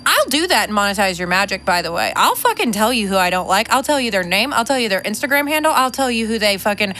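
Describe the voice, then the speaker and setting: Bright-voiced chatty woman podcast host. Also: medium pitch, big pitch swings, fast, rough recording. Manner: chatty, profane, filler-heavy. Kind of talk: casual monologue.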